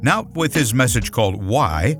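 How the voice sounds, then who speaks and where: A man's voice: medium pitch, big pitch swings, normal speed. Male radio announcer over music. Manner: smooth promotional read. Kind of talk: scripted announcement.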